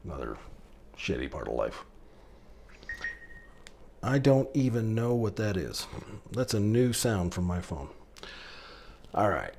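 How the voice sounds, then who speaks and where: A man's voice: fairly low pitch, sing-song, slow pace, vocal fry, long pauses, a little mellow, slight background noise. A middle-aged man giving rambling, emotional fatherly advice to his daughters in a heartfelt vlog monologue.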